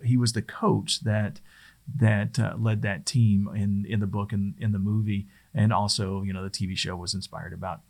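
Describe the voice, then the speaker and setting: Man, middle-aged, slightly low pitch, presentation skills trainer, casual instructional talk, conversational, stumbles and restarts. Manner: rambling, conversational, frequent restarts.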